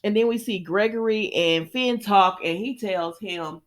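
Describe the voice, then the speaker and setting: A woman's voice: mid-range voice, a little slow. Chatty woman recapping a soap. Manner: chatty, laughs often, acts out quotes in character voices. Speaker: soap opera recap host. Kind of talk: casual chat recap.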